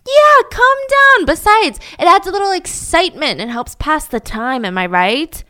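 A woman's voice: extremely high pitch, expressive, moderate pace, no room sound, pitched above the performer's own voice, exaggerated voice. A woman playing a brash, blustering con man father. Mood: boastful. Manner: loud, blustering, boastful. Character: brash crude middle-aged male con man father.

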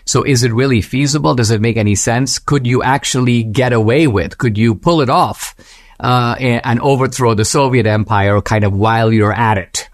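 A man hosting a commentary podcast, speaking in a measured, reflective way, with slow emphatic phrases and quotes read aloud. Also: dry recording, clean studio sound. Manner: mimics a Western voice when reading quotes, rising high. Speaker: podcast host. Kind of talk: commentary reading quoted passages.

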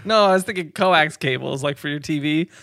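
A man's voice: on the high side, a little fast, creaky, a bit bright, no echo, studio quality. A man co-hosting a podcast, laughing and defensively insisting on his point in casual banter. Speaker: podcast co-host.

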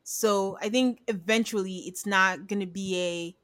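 A woman with a clear, bright and forceful tone talks through a reality episode in a loose, chatty way. She gets animated as she retells scenes and slips into the voices of the people she quotes. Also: medium pitch, normal speed, few pauses. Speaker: podcast co-host. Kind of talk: casual recap chat.

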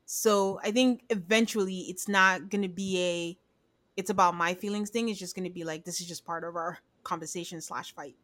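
A married woman co-hosting a podcast, chatting casually and retelling scenes with lively quoted voices. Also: on the low side, moderate pace. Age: adult. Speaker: podcast co-host. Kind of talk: casual recap chat.

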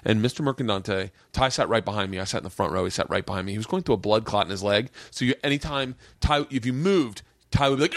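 A man's voice: medium pitch, quick pace, creaky, no room sound. Male podcast host, forties, rowdy storyteller, dry close sound. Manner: animated storyteller, jumps into impressions, swears a lot. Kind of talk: casual chat.

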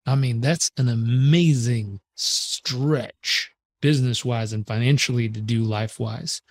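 A man, a performance coach telling a story as a podcast guest in an earnest, animated way that swears casually. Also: mid-range voice, a little slow, no room sound.

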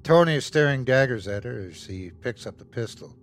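A man hosting and narrating a horror story in the first person with a slow, tense delivery. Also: medium pitch, lively intonation. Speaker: host and narrator.

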